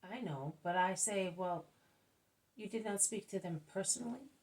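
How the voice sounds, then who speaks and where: A woman's voice: mid-range voice, normal speed, darkish tone, natural voice, rough recording. A woman voicing an eager, nervous male apostle who asks probing, insistent questions. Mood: prying.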